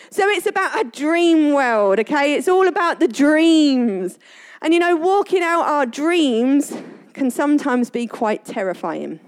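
Woman, high voice, chatty devotional speaker who laughs often. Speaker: Christian speaker. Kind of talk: casual devotional talk.

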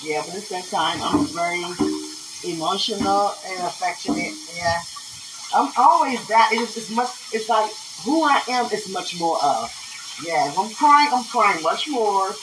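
A woman's voice: mid-range voice, expressive, measured pace. Rambling emotional woman on a noisy recording. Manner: rambling and emotional, laughs often, speaks to an absent listener. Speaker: podcast host. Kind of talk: casual spoken monologue.

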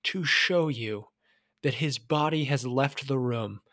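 A man co-hosting a podcast in casual chat, animated and profane, dropping to a hushed whisper for emphasis. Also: medium pitch, slow. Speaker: podcast co-host.

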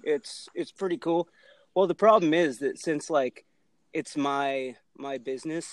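A man's voice: fairly high pitch, no room sound. Easygoing chatty man from Ohio. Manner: easygoing, chatty, a little halting. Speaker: podcast co-host. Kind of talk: casual chat.

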